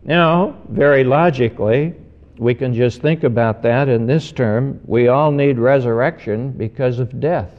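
A man, a pastor, giving an earnest sermon, slowing down to stress key words. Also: mid-range voice. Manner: measured, earnest preaching with slowed emphasis. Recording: dull recording with long hall reverb.

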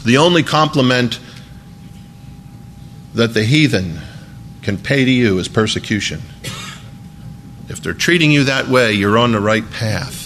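Man, pastor type, mid-range voice, talks the sermon through like a chat, soft hum behind. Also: mid-range voice, animated, a little slow, pauses often. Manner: conversational, folksy preaching with emphatic asides.

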